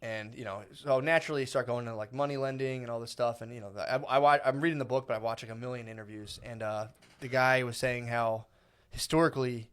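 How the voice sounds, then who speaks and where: A man's voice: medium pitch, steady tone, fast, fairly bright tone, clear, resonant tone. A man co-hosting a podcast in casual chat, laid-back, swearing and saying "dude" constantly. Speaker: podcast co-host.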